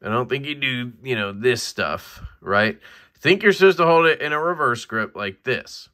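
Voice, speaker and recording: A man's voice: medium pitch, animated, moderate pace, bright, forceful tone. A man casually reviewing a folding knife in a vlog, rambling and self-deprecating, with many fillers and restarts.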